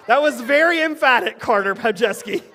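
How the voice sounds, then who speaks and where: A man's voice: extremely high pitch, expressive, moderate pace, pushed and bright. A man leading a playful children's sermon in church, teasing and quizzing the kids. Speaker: children's pastor. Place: church sanctuary. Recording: echoey church sanctuary.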